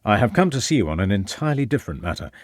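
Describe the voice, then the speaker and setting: Polite period police inspector, read by a male narrator, low lively delivery, dry. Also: racing, no echo. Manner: polite, formal.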